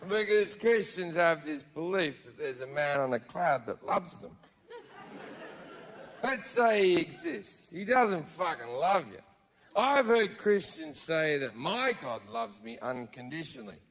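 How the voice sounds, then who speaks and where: This live stand-up set has a man swearing often as he spins crude, sardonic tales, slipping into acted-out voices for his characters in front of an audience. He talks at a measured pace in a fairly high, sing-song voice that comes across a bit bright.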